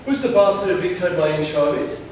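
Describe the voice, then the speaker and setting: A man's voice: high-pitched, steady tone, brisk, lightly acted. A man playing brash Australian lad Emu. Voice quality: brash, swearing, cocky. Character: crude young Australian man, Emu, boastful and profane. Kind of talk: amateur stage play. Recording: distant echoey hall with noise.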